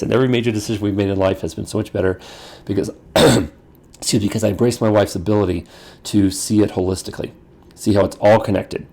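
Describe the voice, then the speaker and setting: Male pastor coaching ministers, dark gravelly tone, casual teaching delivery. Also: fairly low pitch, little pitch movement, quick pace. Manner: conversational, acts out quoted dialogue; restarts and repeats phrases.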